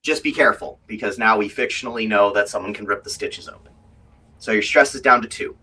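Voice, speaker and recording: A man running a tabletop game as game master, a lively storyteller who tells the story, explains the rules and tells anecdotes. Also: husky. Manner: lively storyteller, quick shifts into high put-on voices. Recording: voice from a distance.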